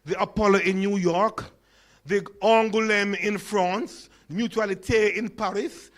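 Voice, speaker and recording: A Jamaican man in his sixties gives a humorous keynote with a slight stutter and lisp. He tells stories and puts questions to the crowd in a notably high voice. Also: fairly even intonation, a little slow. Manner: storytelling, engages audience with questions. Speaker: conference speaker.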